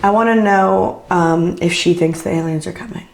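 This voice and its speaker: A woman's voice: fairly low pitch, normal speed, gravelly, echoey room. A woman co-hosting a podcast, asking playful, teasing questions in casual chat. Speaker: podcast co-host.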